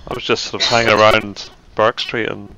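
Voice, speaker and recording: Dry-humoured snooker co-commentator. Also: male voice, fairly low pitch, flat delivery, fairly quick, background noise. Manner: dry, joking asides between shot analysis. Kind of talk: live sports commentary. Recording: dull, slightly muffled sound.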